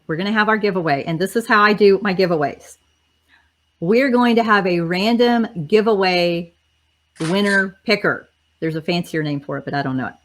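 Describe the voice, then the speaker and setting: A woman hosts a casual livestream on a video call, speaking at medium pitch and a moderate pace. Chatty and upbeat, she addresses viewers directly, though her voice is cracking and growing tired.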